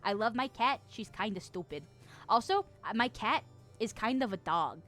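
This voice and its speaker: A woman in her twenties chatting casually on a live stream, reading chat aloud, giggling often and getting excited. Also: a little high, normal speed, faint music behind. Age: 20s.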